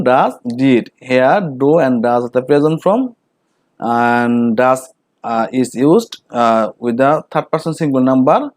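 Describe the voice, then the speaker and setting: A man with a Bengali accent teaching English grammar, reading out each example sentence slowly and saying it again. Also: medium pitch, a little mellow, dry recording. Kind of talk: slow grammar lesson with repeated examples.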